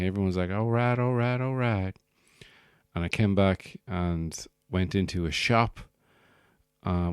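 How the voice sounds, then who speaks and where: Deep-voiced rambling Irish comedian. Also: male voice, a little mellow, clear, resonant tone, no room sound, clean studio sound. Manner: rambling, jokey, slips into put-on accents. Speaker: podcast host and stand-up comedian. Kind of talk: casual comedic monologue.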